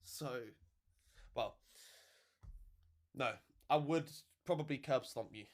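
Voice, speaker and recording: A man's voice: mid-range voice, slow pace. A man hosting a casual livestream, talking to viewers in a sarcastic, swearing, offhand way. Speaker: livestream host.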